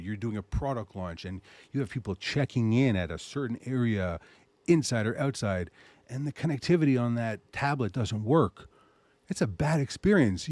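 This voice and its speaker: A man hosting a show, pitching his service in a loose, animated way and muttering asides to himself. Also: dry recording. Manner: animated salesy pitch, mutters asides while browsing pictures. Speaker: host. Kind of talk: casual promotional talk.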